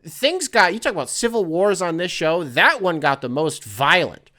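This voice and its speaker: A young man hosts his own podcast from a home desk, talking solo in a loose, casual way full of profane, rambling asides. His voice sits on the high side with big pitch swings, moving at normal speed with a bright, forceful tone.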